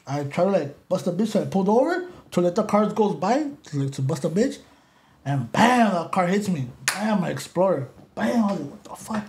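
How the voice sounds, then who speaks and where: Animated, profane man. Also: fairly high pitch. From Los Angeles area. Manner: animated, profane, switching between English and Spanish. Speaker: podcast guest. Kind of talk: casual storytelling in an interview.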